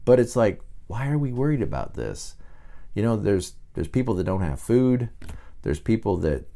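A man's voice: lowish voice, very animated, moderate pace, creaky, mellow. A man who is a pastor, giving a casual, conversational teaching talk on his podcast with frequent restarts and asides.

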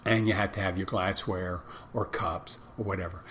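A man's voice: low-pitched, steady tone, moderate pace, a bit bright, slight background noise. A man with a Florida Keys accent, a bartender hosting a casual podcast, rambling conversationally with many restarts and the odd curse word. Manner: swears casually.

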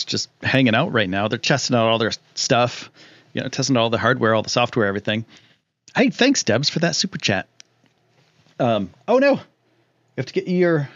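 A man hosting a casual live stream, excitable and rambling with lots of fillers while he reads chat. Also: medium pitch, no room sound, lo-fi sound. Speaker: livestream host.

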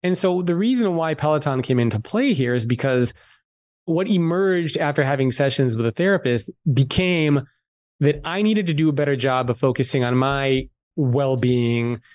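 A man guest on a podcast, telling a personal story in a candid, animated way and swearing freely. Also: medium pitch, normal speed, no room sound. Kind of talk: casual storytelling interview.

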